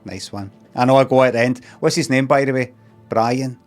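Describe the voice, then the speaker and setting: A middle-aged Glaswegian man talks in a loose, rambling deadpan on a livestream, his voice sitting at an ordinary middle pitch. Now and then he jumps into little acted-out exchanges. Soft music plays faintly underneath. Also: normal speed. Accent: Scottish, Glaswegian. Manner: rambling, deadpan, acts out mock dialogue in a raised voice. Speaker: streamer. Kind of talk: casual livestream chat with chat readers.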